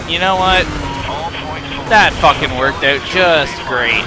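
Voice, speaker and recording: A young man commentating a racing game, swearing angrily at it and breaking into loud shouts and yelps. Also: expressive, normal speed, noisy background. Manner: angry, profane ranting at the game; shouts and yelps in sudden high bursts. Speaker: gaming YouTuber. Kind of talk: let's play commentary. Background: game music and car engine sounds.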